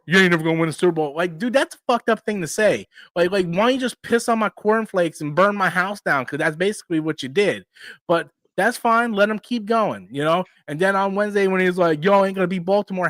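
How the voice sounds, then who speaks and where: A man's voice: high voice, brisk, a bit bright, no echo. A man in his forties hosting a casual live stream, ranting animatedly and swearing freely. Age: 40s.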